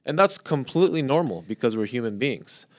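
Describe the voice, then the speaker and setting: A man's voice: mid-range voice, very animated, brisk, no echo, clean studio sound. A man in his thirties co-hosting a podcast, explaining ideas in loose, restarting phrases. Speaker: podcast co-host. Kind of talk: casual podcast chat.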